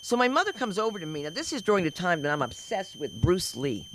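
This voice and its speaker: Woman doing stand-up, super animated, voice swoops everywhere, bright and punchy. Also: medium pitch, fast, slight background noise, low-quality recording. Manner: animated, swooping delivery with shouted sound effects. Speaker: stand-up comedian. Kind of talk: stand-up comedy storytelling. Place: comedy club stage.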